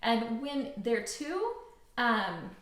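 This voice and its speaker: A middle-aged woman hosting a parenting blog, giving calm, earnest advice in a casual talk. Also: on the high side, drawn-out words. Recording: echoey room.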